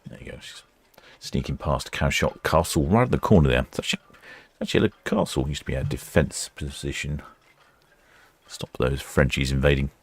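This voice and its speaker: A man's voice: rumbling low, moderate pace, husky. A man hosting a live stream, giving casual, rambling commentary and correcting himself as he goes. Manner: chatty, rambling, self-correcting.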